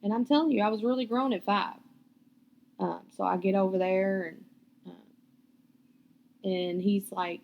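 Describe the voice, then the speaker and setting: A woman's voice: medium pitch, steady tone, unhurried, creaky, long pauses, dull audio. A young woman, hosting a podcast and telling a personal story in a blunt, profane, candid way. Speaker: podcast host.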